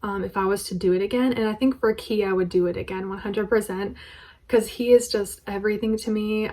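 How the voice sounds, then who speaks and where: A woman's voice: mid-range voice, steady tone, brisk, dark tone, rough recording. A woman vlogging to a camera propped on her bed in her bedroom, talking casually, her voice a little shaky with nerves. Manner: nervous, voice shaking slightly.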